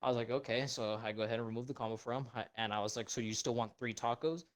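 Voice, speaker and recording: A man's voice: mid-range voice, fairly even intonation, racing. A young man co-hosting a podcast, ranting bluntly and swearing a lot in casual chat. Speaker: podcast co-host.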